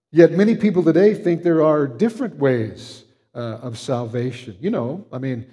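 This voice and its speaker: A man preaching a sermon, earnest and emphatic, slowing down to stress key words. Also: fairly high pitch, dark tone, slightly rough. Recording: long hall reverb.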